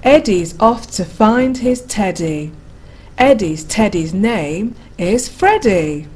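Slow, lively woman reading a bedtime story. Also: medium pitch, slightly rough. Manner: slow, rhythmic rhyming delivery. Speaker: narrator. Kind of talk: reading a bedtime picture book aloud.

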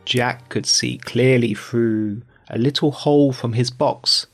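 An older man reading a bedtime fairy tale aloud in a calm, measured way. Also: mid-range voice, faint music behind. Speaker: storyteller.

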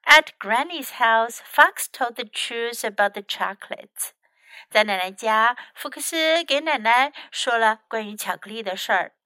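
A woman's voice: fairly high pitch, lively intonation, measured pace, no echo. A woman, a children's English teacher, reading a picture book aloud for children, in both English and Chinese. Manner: gentle, explaining. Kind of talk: bilingual storybook reading for children.

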